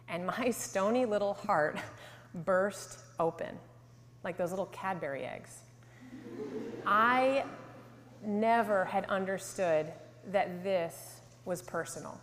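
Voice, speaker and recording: A woman's voice: medium pitch, slow pace. Woman in her 30s, hall reverb. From Connecticut, USA. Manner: earnest storytelling, drops to a soft hush for emotional lines. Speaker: speaker giving a testimony. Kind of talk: faith talk to a live audience.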